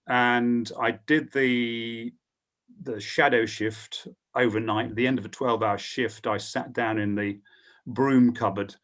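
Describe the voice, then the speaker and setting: A man's voice: on the low side, fairly bright tone. A middle-aged man, a sports broadcaster on a panel, telling his career story with plenty of ums. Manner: storytelling, hesitant with frequent ums. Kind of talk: anecdotal panel talk.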